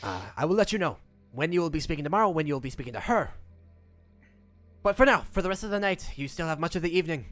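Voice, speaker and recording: A man voicing a small, gravelly male gnome official who is eager and a little pompous, with a habit of saying "yes, yes.". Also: on the high side, expressive, quick pace, a bit bright, soft background music. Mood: businesslike. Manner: fussy, repeats "yes, yes".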